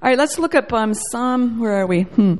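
A woman teaching a sermon in a church setting, animated and playful, acting out quoted voices as she goes. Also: a little high, normal speed. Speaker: Bible teacher.

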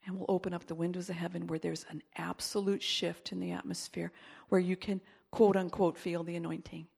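A woman pastor preaching a sermon and leading prayer, emphatic, dropping to whispers and rising to loud exclaiming. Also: on the low side, flat delivery, brisk, gravelly, breathy edge.

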